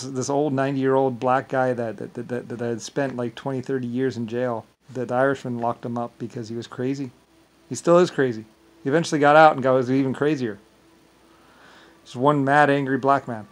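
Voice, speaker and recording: A man's voice: mid-range voice, fairly even intonation, normal speed, long pauses, poor audio. A man talking in a casual, rambling monologue, often stumbling and repeating words as he restarts his sentences.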